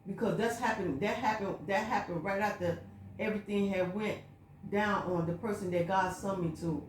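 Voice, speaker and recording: A woman's voice: medium pitch, steady tone, normal speed, a little hiss or hum. A woman vlogging a personal spiritual monologue, telling her story in an emphatic, repetitive, looping way. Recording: echoey room.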